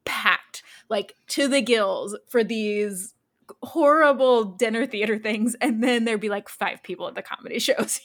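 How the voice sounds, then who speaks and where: A woman co-hosting a podcast, a former stand-up comic who chats casually and laughs often. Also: a little high. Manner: laughs often, quick reactions. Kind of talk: casual chat.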